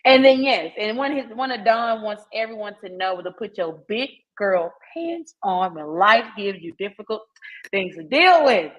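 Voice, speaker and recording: A woman's voice: mid-range voice, expressive, moderate pace. A woman hosting a podcast in a casual, slangy, hyped-up way, talking straight to her listeners. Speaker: podcast host. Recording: dull lo-fi recording.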